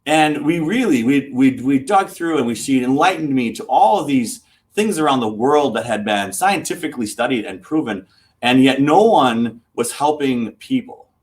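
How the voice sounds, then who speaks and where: A middle-aged man, a former contractor hosting a home show, telling a personal story in an earnest, halting way with many restarts. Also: mid-range voice, animated. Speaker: host, former general contractor. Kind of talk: casual storytelling talk.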